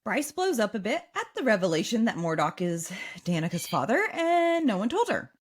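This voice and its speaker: A woman hosting a podcast, reading a book recap and breaking into excited asides. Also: fairly high pitch, normal speed. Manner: animated, swings between reading and excited reactions. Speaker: podcast host.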